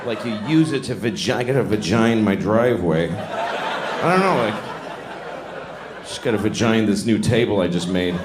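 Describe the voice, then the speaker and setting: A man's voice: fairly low pitch, animated, normal speed, pauses often, background noise. A man in his fifties from Boston doing live stand-up comedy on a club stage, conversational and self-mocking with rambling riffs. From Boston, USA. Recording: roomy club with audience laughter.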